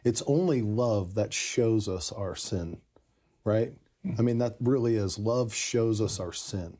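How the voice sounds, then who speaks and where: Guy telling his story, kinda low husky voice, mellow, says you know a lot. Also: slow pace. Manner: earnest, reflective, with frequent "you know". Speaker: podcast guest telling his conversion story. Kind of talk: casual storytelling conversation.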